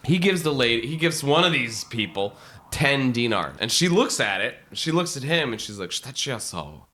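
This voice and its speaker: Animated profane man telling stories. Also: mid-range voice, normal speed. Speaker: podcast guest. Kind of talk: casual storytelling.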